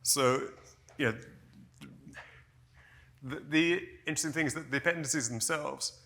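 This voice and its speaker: Male conference presenter, gravelly and bright, measured and explanatory, corrects himself on the fly. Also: fairly high pitch. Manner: measured, explanatory, with frequent "you know" and self-corrections. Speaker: conference speaker.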